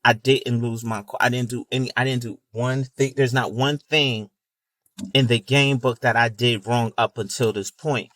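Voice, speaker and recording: A man's voice: mid-range voice, steady tone, moderate pace, fairly bright tone. Emphatic man telling a personal story. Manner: emphatic, repeats himself, casual fillers. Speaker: video creator.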